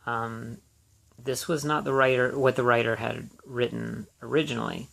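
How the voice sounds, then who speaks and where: Gravelly-voiced man rambling about movies. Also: mid-range voice, fairly even intonation, normal speed, a bit bright. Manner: rambling, hesitant, many fillers and restarts. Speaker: podcast host. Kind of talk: casual solo movie review.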